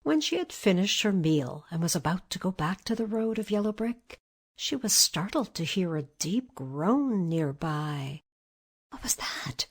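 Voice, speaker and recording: Woman storybook narrator, husky, calm and even. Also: fairly low pitch, measured pace.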